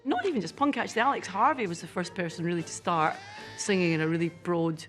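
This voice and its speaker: Low-voiced woman music commentator. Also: fast. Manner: conversational, with fillers. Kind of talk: documentary interview.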